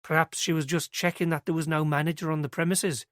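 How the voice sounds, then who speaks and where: A man voicing a police detective who speaks in a low, matter-of-fact way. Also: level tone, fast, a bit bright, no echo, studio quality, close to an everyday voice. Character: male police detective, blunt colleague.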